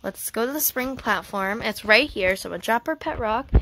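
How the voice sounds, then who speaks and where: Excited chatty young woman gamer. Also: a little high, moderate pace, background noise. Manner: excited and chatty, laughs often; reads game dialogue aloud. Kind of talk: casual gameplay commentary.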